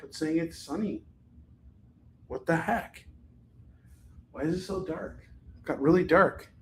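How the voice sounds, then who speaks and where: A man's voice: on the high side, a little hiss or hum. A man hosting a live comic-book sales stream, chatting casually, rambling and swearing freely as he prices each book. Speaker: live shopping stream host selling comics. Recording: echoey room.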